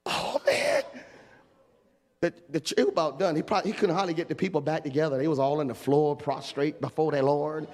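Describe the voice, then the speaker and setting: Male preacher, gravelly voice, big reverberant hall. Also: a little high, fairly quick. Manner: animated, shouting and laughing while acting out a story. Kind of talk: storytelling sermon. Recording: long echo of a large hall.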